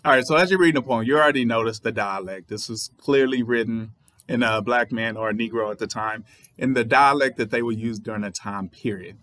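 A man's voice: medium pitch, a little fast, a bit bright, no room sound. A man with a Southern US accent, a writer and channel host, explaining a poem in a thoughtful way and spelling words out letter by letter. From Southern United States. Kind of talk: poetry reading with commentary.

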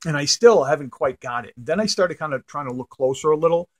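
A man's voice: a little high, animated, fast talker. A middle-aged man, a comic art collector, casually telling a rambling anecdote to the camera, his voice trailing off into mutters at the ends of phrases.

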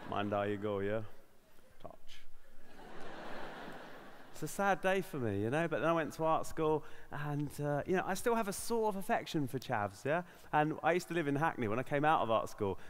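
A man with a South London accent telling stories in a stand-up comedy set, animated and prone to slipping into put-on voices. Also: mid-range voice, a little hiss or hum. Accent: South London English. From England. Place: comedy venue with audience.

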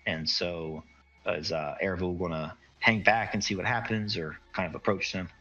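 A man runs a tabletop game, narrating loosely with frequent hedges. His voice is low and forceful. The recording sounds dull and lo-fi. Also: steady tone, moderate pace, soft background music. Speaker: game master.

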